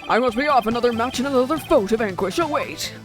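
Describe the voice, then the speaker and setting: Picture a booming heroic wrestler, a larger-than-life man who speaks in grand theatrical proclamations from a video game, as a woman puts him on. The delivery is broad and showy, with faint music playing underneath. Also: fast talker, lightly acted. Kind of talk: voicing game dialogue while streaming.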